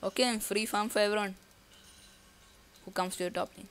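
A woman's voice: mid-range voice, steady tone, brisk, pauses often, fairly bright tone. A woman giving casual live commentary on her own gameplay. She thinks aloud and breaks into nervous outbursts. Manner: casual slangy talk to viewers. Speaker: gaming YouTuber.

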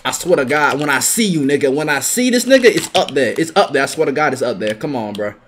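A young man giving live gameplay commentary, trash-talking his opponents with heavy profanity and sudden bursts of yelling. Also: a little high, expressive, fast talker, heavy background noise. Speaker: gaming video creator.

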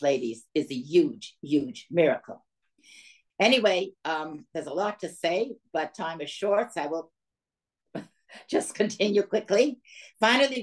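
An older woman from the former Soviet Union, whose voice sits a little low for a woman, speaks as a guest to a gathering of women. She tells her family's story in a lively storytelling talk, acting out the voices of the people in it.

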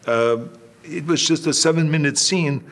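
A man's voice: fairly high pitch, moderate pace, a bit bright. Older man telling stories. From Austria. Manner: anecdotal, repeats himself, acts out quoted voices. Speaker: interview guest. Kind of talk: storytelling in an interview.

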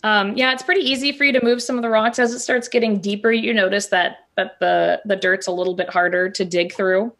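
A woman's voice: medium pitch, steady tone, brisk, few pauses, fairly bright tone. A woman narrating a tabletop game as dungeon master in a playful way, laughing often.

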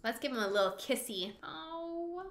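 A woman giving casual let's-play commentary, gasping and exclaiming as things happen on screen. Her voice is bright and forceful. The room around her has an audible echo. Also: mid-range voice, normal speed. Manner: excitable, gasping, exclaiming, swearing at the game. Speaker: gaming channel host. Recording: echoey room.

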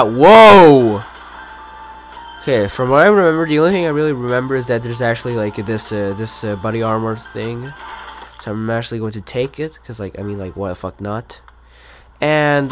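A man hosting a gaming channel, giving casual, rambling commentary on a game in a profane, excitable way. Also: medium pitch.

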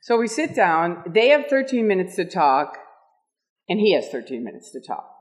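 An older woman giving an animated storytelling talk at an event, laughing often and acting out the people she quotes. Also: on the low side, normal speed. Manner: lively, laughs often, acts out quoted voices. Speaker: speaker at an event. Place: meeting room with audience.

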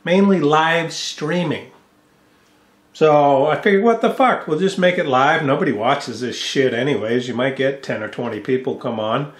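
A man's voice: on the high side, normal speed, roomy sound. A man ranting angrily in a profane home vlog, cursing and mocking someone as he talks into a studio microphone. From United States. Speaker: vlogger. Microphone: studio microphone with mixing board.

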